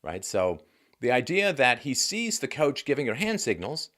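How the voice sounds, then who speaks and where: A male host delivering a monologue commentary in a sardonic, musing tone, dropping dry asides. His pitch is lively and wide-ranging, rising and falling as he talks things through. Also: moderate pace.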